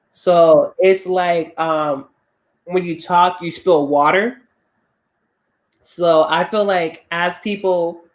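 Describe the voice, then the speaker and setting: Candid Boston woman, slight Southern drawl. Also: lowish voice. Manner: candid, animated storyteller acting out quoted voices. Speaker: podcast co-host. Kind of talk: casual chat.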